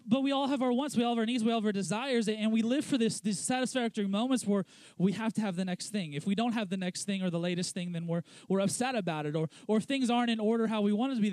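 A young man, a pastor, preaching a conversational sermon with many restarts, dropping into a lower, quieter voice for quoted lines. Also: no room sound. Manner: conversational, lots of restarts and "let's be honest" asides.

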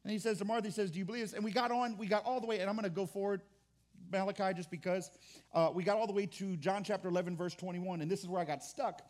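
High-voiced preaching man, drawl. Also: steady tone, fast, a little mellow. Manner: conversational preaching with repeated restarts; acts out churchgoers' complaints in mock voices. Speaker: pastor. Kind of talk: sermon.

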